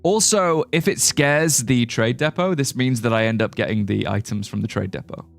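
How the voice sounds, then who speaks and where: Soft music sits under the medium-pitched, fry-tinged voice of a young UK streamer talking at a normal speed in British English. Casual and rambling, he jokes and swears as he reads chat aloud during a game.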